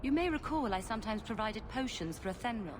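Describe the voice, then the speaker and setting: A woman's voice: on the high side, lively intonation, quick pace, crowd noise, close to an everyday voice. Woman voicing a genteel potion dealer. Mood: businesslike. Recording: noisy game audio.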